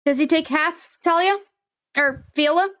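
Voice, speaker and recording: A woman running a tabletop game online, relaxed, chatty and quick to laugh. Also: sits high. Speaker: game master.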